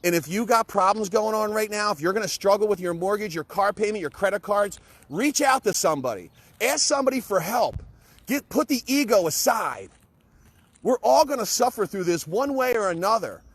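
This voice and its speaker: A man's voice: high-pitched, lively intonation, fairly quick, breathy edge, no echo. A middle-aged man giving an impassioned, blunt pep talk to camera, emphatic, repetitive and peppered with swearing. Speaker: motivational vlogger.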